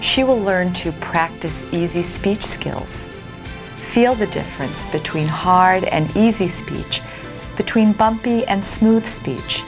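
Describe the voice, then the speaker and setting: A woman's voice: mid-range voice, takes it slowly. Female narrator over music. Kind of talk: scripted narration.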